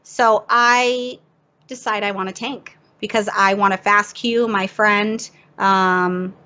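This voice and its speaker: A woman guest on a podcast telling a story in a casual, animated way, poking fun at herself and laughing as she goes. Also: mid-range voice, slow pace. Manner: animated, self-mocking, laughs through the story. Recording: dull lo-fi audio.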